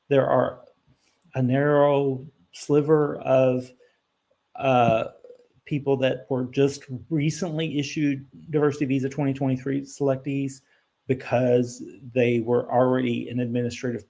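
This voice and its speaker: Gravelly-voiced man answering live questions. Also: mid-range voice, warm tone. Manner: conversational, thinking aloud with frequent ums and self-corrections; emphatic and blunt when correcting misconceptions. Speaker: immigration attorney hosting a live Q&A.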